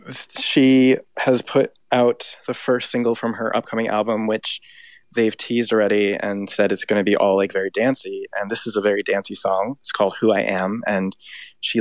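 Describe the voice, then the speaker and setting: A man's voice: on the low side, little pitch movement, normal speed, no room sound. A man co-hosting a casual pop culture podcast, chatty and full of "like" fillers. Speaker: podcast co-host. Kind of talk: casual chat about pop music.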